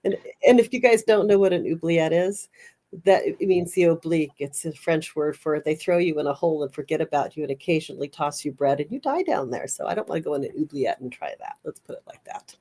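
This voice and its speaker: Female podcast host, lower register, casual rambling storyteller, lots of restarts. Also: animated, fairly quick, warm tone. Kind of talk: casual chat.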